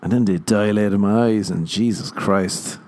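A young man talks straight to his listeners in a loose, rambling comic monologue. His voice sits a little low, and he keeps poking fun at himself. He laughs at his own stories as he goes. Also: measured pace, darkish tone. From Ireland. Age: young adult. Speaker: comedian podcast host. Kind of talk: casual comedic monologue.

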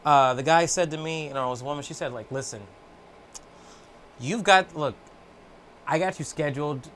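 A man co-hosting a podcast with a slightly high voice and a laid-back, storytelling way of talking. He chats casually and slips into quick mock voices. A faint ambient hum sits in the background. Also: a bit bright. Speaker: podcast co-host.

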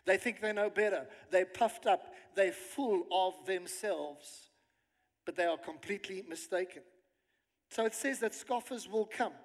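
Man, pastor, emphatic sermon, high pitch, reverberant hall. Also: unhurried. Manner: emphatic preaching with scripture reading. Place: church hall.

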